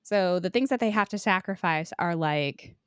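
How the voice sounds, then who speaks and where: A woman's voice: lowish voice, expressive, normal speed, clear, resonant tone, no echo. Chatty woman podcast host, dry sound. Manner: retells plots loosely with frequent "like" and swearing. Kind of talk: casual book discussion.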